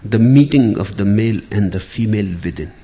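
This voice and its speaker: A man giving a spiritual discourse in a measured, deliberate storytelling manner. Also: lowish voice, expressive, warm tone. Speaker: spiritual teacher.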